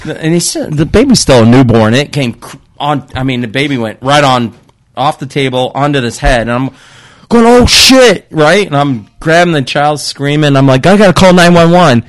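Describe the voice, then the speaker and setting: A middle-aged father on a casual podcast, telling stories animatedly, swearing and loudly acting out what people said. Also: medium pitch, normal speed. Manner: animated, swearing storyteller who acts out quotes loudly. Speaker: guest father. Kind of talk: casual storytelling chat.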